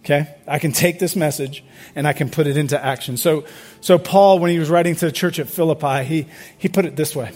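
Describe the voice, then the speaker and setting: A male pastor with a high-pitched voice delivers a sermon. He talks to the congregation conversationally, throws questions at them and often repeats his words as he goes. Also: a little fast, a little mellow.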